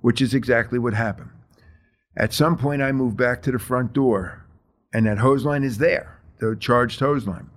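In an interview, a middle-aged firefighter with a mid-range voice recounts a fire plainly and at a measured pace, using many fillers.

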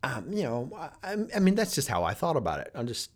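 A man's voice: mid-range voice, wildly swooping pitch, quick pace. A middle-aged man hosting a business podcast, talking casually and telling stories with frequent restarts. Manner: conversational, storytelling, frequent restarts. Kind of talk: casual monologue.

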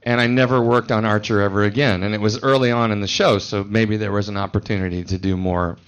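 A man's voice: lowish voice, steady tone, quick pace, clear, resonant tone. A man, a voice actor on a convention panel, telling stories in a rambling, self-mocking way. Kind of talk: joking panel banter.

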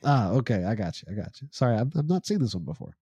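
A man's voice: fairly low pitch, big pitch swings, quick pace, warm tone, breathy edge, no echo. A man co-hosting a casual podcast, reading listener comments aloud and laughing often. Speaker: podcast co-host.

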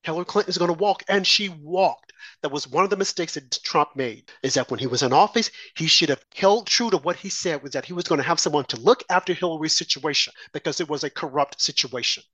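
A man with a fairly high voice gives an impassioned political commentary monologue as a talk show host. He fires off rhetorical questions and mocks the other side in quick asides. The sound is dry and close, with almost no room. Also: bright, forceful tone, slightly rough, no room sound.

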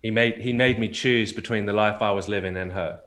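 A man with a very low voice speaks as a podcast guest. He tells a personal story frankly and often doubles back on his words as he talks. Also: fairly even intonation, a little fast, fairly bright tone. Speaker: podcast guest, marriage coach.

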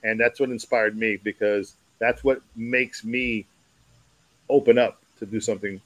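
A man's voice: lowish voice, fairly even intonation, measured pace, fairly bright tone, no echo, highs cut off. A male music producer chatting as a guest, telling his story with animation. His voice sounds close and dry, with no room around it. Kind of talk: casual chat.

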